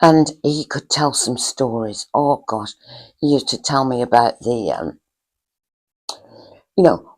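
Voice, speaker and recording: A woman's voice: a bass voice, low-quality recording. An older woman hosting a cosy storytelling chat, reminiscing fondly in a rambling, hesitant way with lots of fillers. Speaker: storyteller host.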